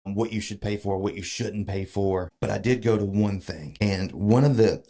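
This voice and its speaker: A man's voice: on the low side, normal speed, a crowd in the background. A man telling a long story in a casual podcast chat, full of fillers and restarts. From Georgia, US. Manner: animated, filler-heavy retelling with many restarts. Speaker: podcast guest.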